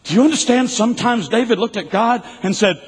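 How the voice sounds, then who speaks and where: A man preaching a sermon, emphatic and repetitive, swinging between loud bursts and quiet asides. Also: extremely high pitch, expressive, fairly quick, slightly rough, big-room sound, poor audio.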